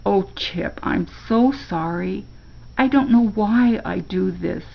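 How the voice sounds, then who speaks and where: A woman's voice: medium pitch, expressive, slow, creaky, breathy edge, dull audio, exaggerated voice. An older woman reading a storybook aloud and voicing an earnest young boy who is eager to please. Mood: remorseful. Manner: pleading, then scolding his dog sharply.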